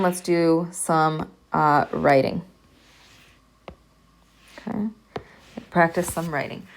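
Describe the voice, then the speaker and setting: Slow, patient woman language teacher. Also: lowish voice. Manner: slow, patient, repeats sounds for students to hear. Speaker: Arabic language professor. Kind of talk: recorded online lecture.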